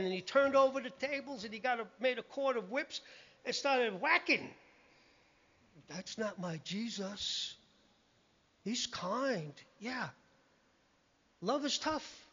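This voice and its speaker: A man's voice: very high-pitched, expressive, measured pace, sharp tone. A man preaching a sermon in a conversational, emphatic way, often quoting scripture. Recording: muffled lo-fi recording.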